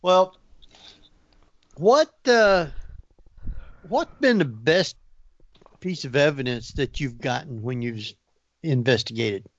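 A man hosting a radio interview, asking slow, hesitant questions. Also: mid-range voice, lively intonation, dry recording, lo-fi sound. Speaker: radio host. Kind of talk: casual interview.

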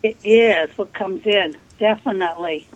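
A woman's voice: mid-range voice, unhurried, no echo, highs cut off. A woman recounting her experiences earnestly as a guest on a radio interview. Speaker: guest, spiritualist medium. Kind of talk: storytelling interview.

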